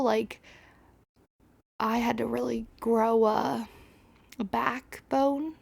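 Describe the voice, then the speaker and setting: A woman's voice: fairly high pitch, fairly even intonation, a little slow, vocal fry, long pauses, a little mellow, no room sound. A woman in her twenties hosting a podcast, telling a personal story in a chatty, rambling way full of fillers and self-deprecating asides. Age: 20s. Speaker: podcast host. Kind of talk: casual solo storytelling.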